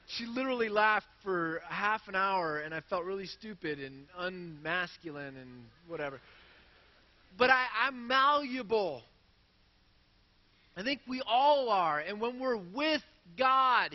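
High-voiced man preaching a sermon. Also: long reverb tail, dull audio. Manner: earnest, self-deprecating preaching with quoted scripture. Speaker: pastor. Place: church.

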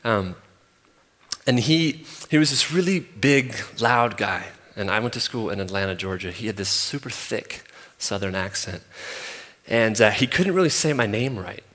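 A man in his thirties preaching a sermon, emphatic and repetitive, swinging from loud to soft. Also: fairly low pitch, expressive, normal speed. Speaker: pastor. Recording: long hall reverb.

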